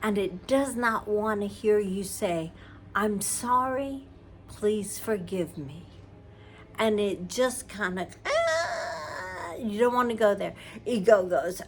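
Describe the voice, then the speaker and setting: A woman's voice: mid-range voice, lively intonation, takes it slowly. A woman giving an earnest spiritual talk, sometimes dropping to a whisper for emphasis. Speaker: spiritual teacher. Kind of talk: slow, heartfelt spiritual talk.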